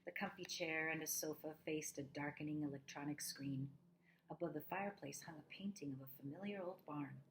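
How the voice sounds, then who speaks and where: A woman reading a children's novel aloud, expressive, with asides to her listeners. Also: sits low, brisk, a little hiss or hum, poor audio. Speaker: reader.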